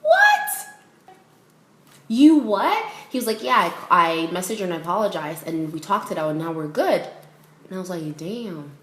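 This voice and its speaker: Animated young woman telling a story. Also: lowish voice, fast talker, reverberant. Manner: animated, quotes people in voices, laughs a lot. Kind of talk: casual storytime vlog.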